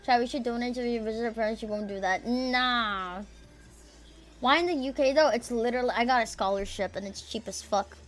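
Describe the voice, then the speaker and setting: A woman's voice: on the high side, fairly quick, faint music behind. A young woman from the United States streaming from home, chatting casually and reading viewer messages aloud in an offhand, profane, joking way. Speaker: livestreamer. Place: at home near neighbors.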